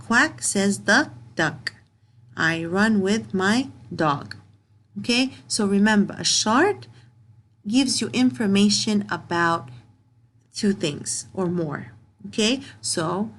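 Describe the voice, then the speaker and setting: Slow, patient woman teacher. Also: medium pitch. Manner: slow, patient, reads sentences aloud word by word; repeats and restarts phrases. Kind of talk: recorded grammar lesson for young pupils.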